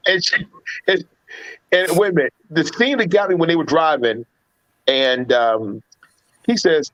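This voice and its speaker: Slightly high and a little slow, this man leaves long pauses, and the audio is dull with no room sound. He's a film-reviewing podcast panelist in casual livestream chat, animatedly acting out movie quotes and restarting his stories often.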